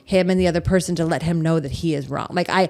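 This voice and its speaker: A woman's voice: lowish voice, steady tone, quick pace, a little mellow. A woman guest on a podcast, ranting emphatically in casual chat and swearing. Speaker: guest, comedian.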